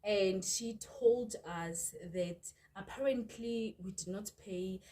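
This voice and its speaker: A woman's voice: mid-range voice, takes it slowly. A young South African woman with a South African accent, animatedly retelling a story to her viewers in a storytime vlog. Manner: animated, exasperated retelling, addresses viewers as "you guys". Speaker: vlogger.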